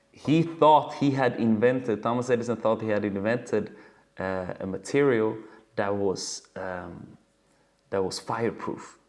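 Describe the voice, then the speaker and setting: A man coaching dancers in a casual webinar, telling stories in an animated way and swearing freely from a home video call. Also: lowish voice.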